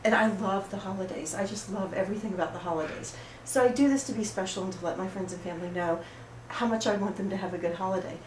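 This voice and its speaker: An actress playing an oversensitive, apologetic woman at a support group, rambling through an improvised monologue in a rough, emotionally raw way. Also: mid-range voice, fast, hardly any pauses, close to an everyday voice. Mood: wounded. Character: oversensitive, apologetic woman pouring out her woes. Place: roomy studio space. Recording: echoey room, far mic, background noise.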